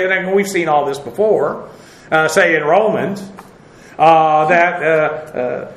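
A man's voice: high voice, sharp tone, reverberant, poor audio. A man teaching a verse-by-verse Bible lesson, rambling with many fillers as he spells out Greek words.

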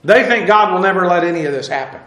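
A man teaching the Bible verse by verse, halting with many "uh"s as he spells out Hebrew words, then pressing his points emphatically. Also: high voice, expressive, a bit bright, reverberant. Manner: emphatic, preacherly warnings.

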